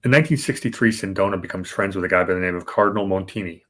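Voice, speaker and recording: A man's voice: deep voice, rapid-fire, a bit bright. A man hosting a podcast, explaining financial history in a casual, rambling way with fillers and restarts. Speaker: podcast host. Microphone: remote podcast setup.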